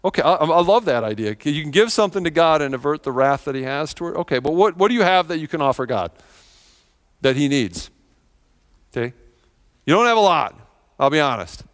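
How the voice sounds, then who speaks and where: Animated storytelling pastor, a man. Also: fairly high pitch, a little fast, pauses often. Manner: storytelling, animated, acts out quoted voices. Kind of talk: sermon.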